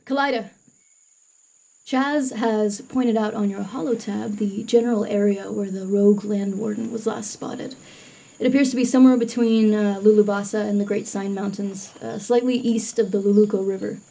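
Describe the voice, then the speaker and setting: A woman narrating as game master for a tabletop game. She describes the scene in a loose, relaxed way, pausing often with fillers. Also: mid-range voice, creaky, low-quality recording.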